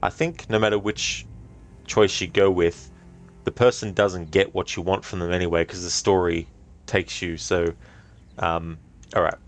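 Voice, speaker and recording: A man casually commenting on a game he is streaming, relaxed and answering chat with many ums. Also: sits low, a little slow, faint music behind. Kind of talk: casual let's-play commentary.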